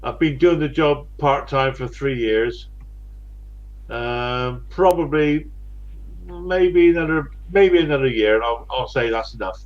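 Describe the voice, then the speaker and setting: A man in his late sixties from England, with a West Country accent, hosts a casual chat in a blunt, chatty manner, chuckling often. His medium-pitched voice is a little slow, and the recording is muffled.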